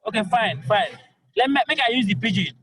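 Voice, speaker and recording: On a rough recording with a little hiss or hum, a young man with a Nigerian accent seeking the governorship replies to callers. His high, fairly bright voice moves quickly with lively intonation, and he keeps repeating his points in an emphatic, pleading way.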